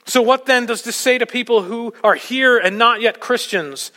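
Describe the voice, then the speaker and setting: Male pastor, sermon delivery, bright forceful tone, urgent, soft to loud. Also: extremely high pitch, moderate pace, big-room sound. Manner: preaching with urgent emphasis, swinging from soft to loud. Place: church.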